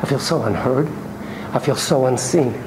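A man acting out a hurt, lonely wife in a couples therapy role play. She talks softly and haltingly, pleading to be heard. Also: mid-range voice, noisy background, natural voice. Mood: plaintive.

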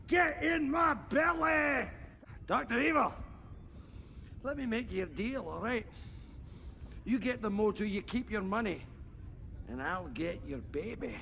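An actor playing an obese, crude, boastful man with a gravelly, bawdy voice in a film comedy. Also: high voice, fairly bright tone, a little hiss or hum, full character voice.

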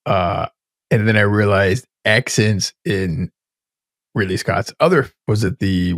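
A man in his thirties co-hosts a podcast, talking in loose, rambling casual chat and swearing easily. His voice sits on the low side. The sound is dry and close, with no room heard. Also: slow, dry recording. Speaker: podcast co-host.

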